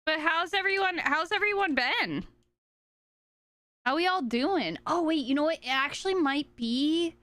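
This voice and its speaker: A woman's voice: sits high, animated, measured pace, sharp tone, no echo, studio quality. A woman streamer chatting casually to her viewers while fumbling through her stream settings. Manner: scattered, talking to herself and chat while searching settings. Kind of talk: casual live-stream chat.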